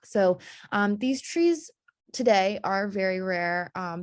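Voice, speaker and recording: A woman's voice: mid-range voice, gravelly, a little mellow, no room sound, studio quality. A young woman, a tree historian, presenting casually on a video call, chatty and full of fillers and small laughs. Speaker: tree historian giving a talk.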